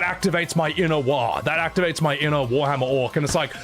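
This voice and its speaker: A young man casually chatting to his live-stream audience, animated, often laughing and swearing. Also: on the high side, quick pace, hardly any pauses, soft background music. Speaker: streamer and host.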